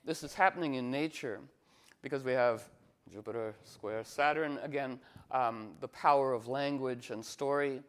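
A man talking in a meandering casual monologue as an astrologer, full of fillers and restarts, animated and playful. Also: mid-range voice, moderate pace, smooth. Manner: animated, slips into playful cooing voices.

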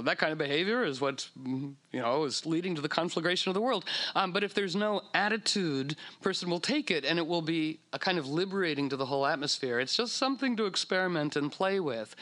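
Guy talking to a crowd, kinda high voice, acts out little voices, lots of um and you know. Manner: animated, acts out quoted voices, many fillers. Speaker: speaker on astrology. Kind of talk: casual talk to an audience.

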